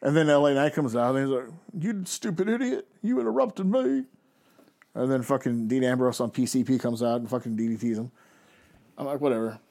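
A man's voice: medium pitch, flat delivery, quick pace, darkish tone. A man in his thirties ranting sarcastically and profanely in a casual podcast chat. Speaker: podcast co-host. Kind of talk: casual chat, wrestling recap.

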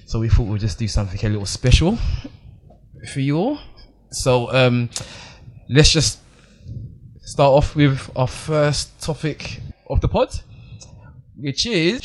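A man's voice: medium pitch, big pitch swings, takes it slowly, long pauses. A man hosting a casual podcast, playful and upbeat. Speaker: podcast host.

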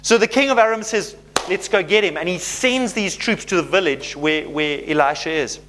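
High-voiced, animated male preacher. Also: moderate pace, slight background noise. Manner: animated, conversational preaching with audience check-ins. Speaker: pastor. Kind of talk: sermon.

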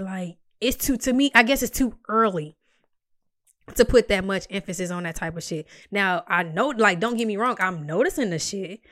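A young woman tells a personal story in a blunt, heavily profane, animated way. Her voice sits at an ordinary middle pitch and is recorded close and dry, with no room sound. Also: no room sound. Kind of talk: casual storytelling.

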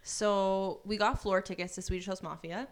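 A woman telling stories in casual podcast chat, animated and swearing freely, acting out the people she quotes. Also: medium pitch, moderate pace. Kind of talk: casual storytelling.

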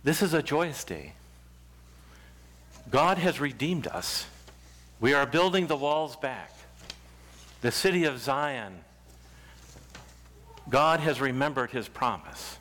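A male pastor preaching a sermon, reading scripture slowly with deliberate pauses into a church microphone. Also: mid-range voice, expressive, fairly bright tone.

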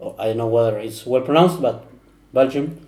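Guy on a footy podcast, warm low-key tone, echoey room, lots of uhs. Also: brisk. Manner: hesitant, searches for words. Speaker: podcast panelist. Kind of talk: casual football chat.

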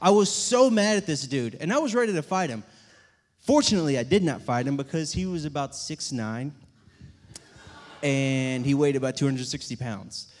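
A young man telling funny stories to a live audience in a church setting, animated and self-mocking as he acts out what people said. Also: medium pitch, normal speed. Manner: animated, self-mocking storyteller acting out quotes. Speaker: church speaker. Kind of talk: storytelling talk to a live audience. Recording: long hall reverb.

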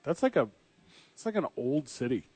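A man's voice: medium pitch, big pitch swings, normal speed, a little mellow, dry recording. Joking guy with a dry close sound. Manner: joking, rambling, riffs with fillers. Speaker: podcast co-host. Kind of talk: casual sports chat.

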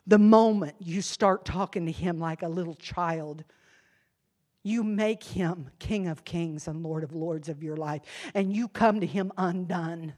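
A woman preaching a sermon, impassioned, swinging from hushed confession to loud emphasis. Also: on the low side, unhurried. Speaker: church speaker.

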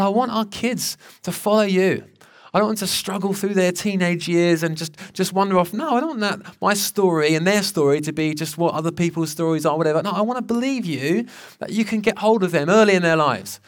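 A man preaches to his congregation, speaking in a fairly high, lighter register. His delivery is earnest and conversational, full of restarts as he tells a personal story. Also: a little fast. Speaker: pastor. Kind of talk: sermon.

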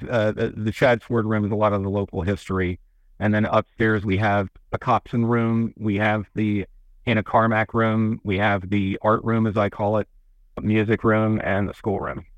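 A man with a fairly low voice talks through a local museum's collection on a radio interview, rambling and folksy, often restarting his sentences. The sound is close and dry, with no room ring. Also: no room sound, muffled recording. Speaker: museum representative. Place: radio studio. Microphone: studio microphone.

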